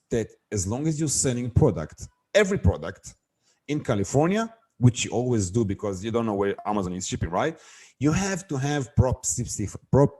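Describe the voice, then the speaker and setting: A middle-aged man speaks in a warm, darker voice at an ordinary pitch. He is a guest on an interview show, telling a story about wholesale compliance and acting out every exchange in it, then moving into plain advice. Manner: animated storyteller acting out quoted dialogue.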